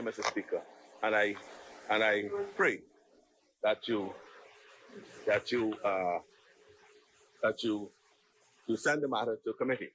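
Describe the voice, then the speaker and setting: A man's voice: medium pitch, fairly bright tone, breathy edge, rough recording. A man with a Bahamian accent, speaking as a member of parliament in a debate, argumentative and often restarting and repeating his words. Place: legislative chamber.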